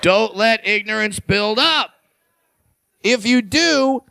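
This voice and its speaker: A man performing a stand-up comedy set on stage with a handheld mic, brash and profane, jumping into higher voices when he quotes people. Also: bright, forceful tone, no echo. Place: comedy stage before a live audience.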